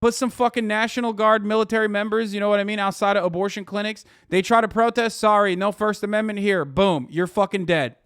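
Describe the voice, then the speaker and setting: A man in his thirties rants about politics to a live audience, sarcastic and profane, with frequent swearing. His voice sits high for a man. The sound is dry and close to the mic, with no room reverb. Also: fairly even intonation, fairly quick, hardly any pauses, a bit bright, clear, resonant tone. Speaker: streamer reacting to news clips. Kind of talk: ranting political commentary.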